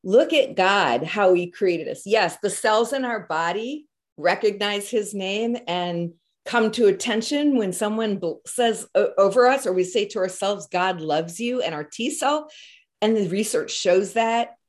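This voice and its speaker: A woman's voice: medium pitch, animated, a little slow. A woman hosting a faith-based interview, affirming her guest with frequent murmured agreement and scripture references. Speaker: host.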